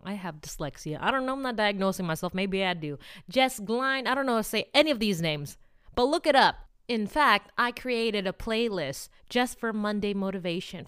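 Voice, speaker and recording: A woman's voice: on the high side, clear, resonant tone. A woman hosting a weekly motivation vlog, talking casually and chattily, laughing and teasing as she speaks straight to her viewers. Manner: chatty, animated, laughs and teases, rambles, direct address. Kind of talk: casual motivational talk to camera.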